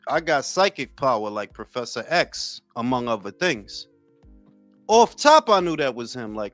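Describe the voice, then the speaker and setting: A man's voice: mid-range voice, lively intonation, normal speed, a bit bright, no room sound, soft background music. A man in his forties hosting a boxing talk livestream, chatting casually with viewers in loose, profane, joking banter. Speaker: boxing talk show host.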